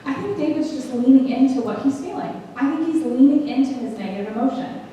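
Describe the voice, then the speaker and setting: A woman speaks in an earnest, conversational way, teaching a group and reading scripture aloud. Her voice sits a little high and sounds mellow. It is picked up from a distance in a big, echoing hall. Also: lively intonation, a little fast, a little hiss or hum. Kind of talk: women's teaching talk. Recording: echoey hall from far off.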